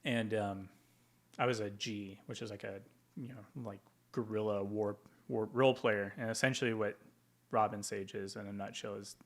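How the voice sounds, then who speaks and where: A man's voice: lowish voice, fairly even intonation, moderate pace. A man from Tacoma, Washington, a veteran guest in an interview, telling stories casually with plenty of ums and likes. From Tacoma, Washington, USA. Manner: rambling, with frequent ums and likes.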